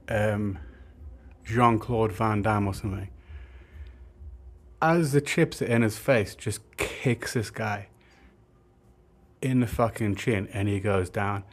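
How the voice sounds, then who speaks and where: A young man telling a rambling, sweary story, with lots of filler words. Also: medium pitch. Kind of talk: casual storytime monologue.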